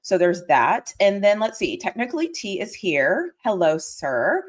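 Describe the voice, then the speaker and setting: A young woman chatting casually on her livestream. Her voice swings widely in pitch, jumping up into excited squeals as she greets viewers. The talk is loose and rambling, full of fillers. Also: unhurried, few pauses. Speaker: livestream host.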